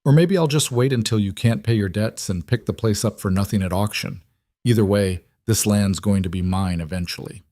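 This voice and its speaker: A man voicing a big, menacing rancher villain with a rough, amused voice, in an audiobook western. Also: on the low side, brisk, warm tone, no room sound, clean studio sound, natural voice. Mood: taunting.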